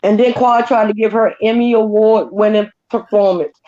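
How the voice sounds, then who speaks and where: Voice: mid-range voice, fairly even intonation, normal speed, muffled recording, over a noisy crowd. A co-host in a casual recap chat, blunt and emphatic with strong opinions.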